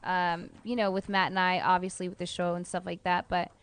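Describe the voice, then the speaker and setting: A woman's voice: fairly low pitch, little pitch movement, brisk. A woman guesting on a talk radio show, answering hesitantly with many fillers. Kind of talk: casual interview talk.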